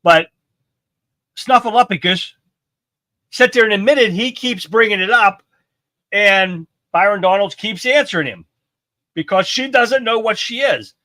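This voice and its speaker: A man's voice: sits high, unhurried, pauses often, sharp tone, dry recording. A middle-aged man hosting a live stream, giving blunt, profane political commentary and reading viewer comments aloud.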